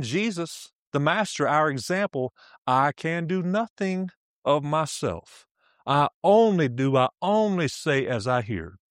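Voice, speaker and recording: Man, preacher, sermon, emphatic, repetitive, laughs often, slightly high, dry close sound. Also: no room sound. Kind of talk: sermon teaching.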